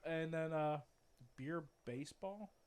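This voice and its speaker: A young man with a slightly high voice tells a story in casual podcast chat. He rambles, backs up and corrects himself as he goes. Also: slow pace, a little mellow, clean tone. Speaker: podcast co-host.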